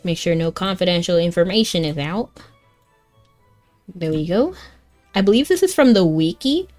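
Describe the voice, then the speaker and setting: A woman's voice: on the low side, expressive, normal speed, darkish tone. A young woman streaming a game, chatting casually and rambling to her chat with frequent giggles. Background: faint game music.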